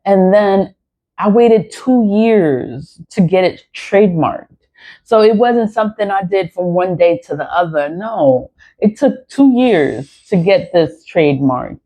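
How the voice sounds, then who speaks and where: A woman's voice: medium pitch, lively intonation, a little slow, dark tone. A woman talking casually and bluntly in a rambling vlog, repeating herself and swearing freely as she talks about her tarot reading. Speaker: YouTuber and tarot reader. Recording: dull lo-fi recording.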